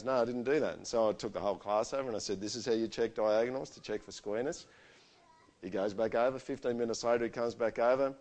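A middle-aged man, preaching a sermon and telling stories in a conversational, animated way. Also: on the low side.

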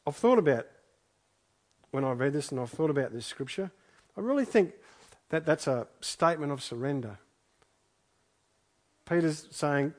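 A man's voice: fairly high pitch, lively intonation, moderate pace, long pauses. A man preaching a sermon, reading scripture aloud and then reflecting on it in an earnest way, often repeating his phrases for emphasis. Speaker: pastor.

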